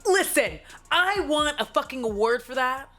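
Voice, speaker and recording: A woman's voice: sits high, lively intonation, normal speed, fairly bright tone, soft background music. A woman beauty vlogger chatting casually at home about makeup, dramatic and profane, often trailing into little vocal noises. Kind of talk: casual chat reviewing makeup.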